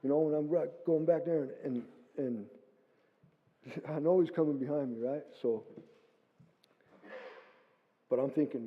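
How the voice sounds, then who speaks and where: A middle-aged man tells a church testimony with a fairly high voice, acting out his own words as he goes. The sound is narrow and phone-like, with long reverb from the church hall. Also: normal speed, long pauses. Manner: animated storytelling, acting out his own quotes. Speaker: guest speaker.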